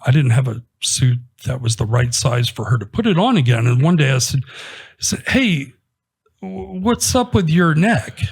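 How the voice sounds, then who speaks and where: A man recounts a patient story in an interview with a gravelly, slightly rough mid-range voice. He's casual and conversational, bringing it to life by quoting what was said.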